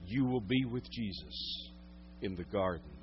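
A man's voice: sits low, lively intonation, a little slow, slight background noise. Dramatic male preacher, muffled sound. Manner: dramatic swings from hushed to loud storytelling. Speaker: pastor. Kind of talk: sermon.

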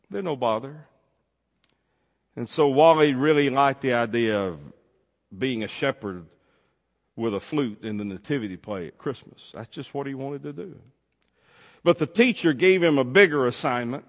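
A man telling a heartfelt true story, expressive, swinging between loud and hushed. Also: medium pitch. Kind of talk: emotional storytelling. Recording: long hall reverb.

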